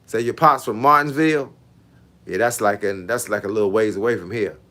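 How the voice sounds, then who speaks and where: A man's voice: fairly low pitch, brisk, pushed and bright. A man, a fitness coach chatting casually with viewers on a livestream in laid-back, slangy banter. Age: 50s.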